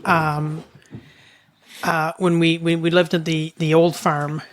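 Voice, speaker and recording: A middle-aged woman co-hosting a podcast, telling a childhood farm story in a casual, animated way. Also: low-pitched, slow. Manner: animated storyteller, shrieks when quoting her mother. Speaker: podcast co-host.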